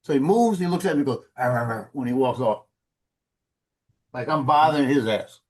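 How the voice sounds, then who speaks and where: Man, casual live-show chat, exasperated, mock-scolding, slightly high voice, remote call mic. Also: animated, moderate pace, darkish tone. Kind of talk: casual chat, animated storytelling. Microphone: remote call mic with noise cancellation.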